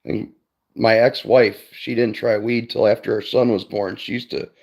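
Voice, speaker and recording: Male streamer, forties, Cleveland area: loose storyteller with a gravelly, fry-heavy voice and a casual, profane delivery. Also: on the low side, little pitch movement, normal speed, a little mellow. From Cleveland area, Ohio, USA. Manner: rambling storytelling, swears freely, says "I'm like" often. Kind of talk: casual chat to viewers.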